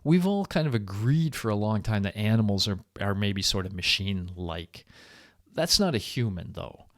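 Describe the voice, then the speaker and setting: Animated low-voiced male lecturer. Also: moderate pace, no room sound, clean studio sound. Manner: animated, conversational explaining. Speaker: university lecturer. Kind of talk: recorded university lecture.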